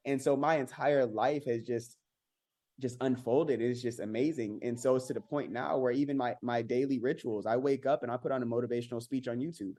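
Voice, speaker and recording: A man telling his own story as a podcast guest, earnest and halting, with many repeated words and restarts. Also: medium pitch, steady tone, mellow. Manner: rises sharply when mimicking others. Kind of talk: candid personal storytelling.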